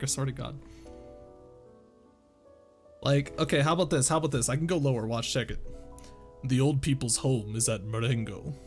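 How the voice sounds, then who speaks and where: A man streaming casually, reading a novel aloud to chat while joking, swearing and laughing between lines. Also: medium pitch. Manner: joking, swears freely, lots of laughing asides.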